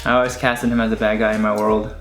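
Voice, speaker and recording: A man's voice: on the low side, level tone, fast. Rambling young man in an echoey room. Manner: rambling and enthusiastic, full of "like" fillers. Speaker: online video creator. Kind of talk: casual chat showing toys. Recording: echoey room with faint music.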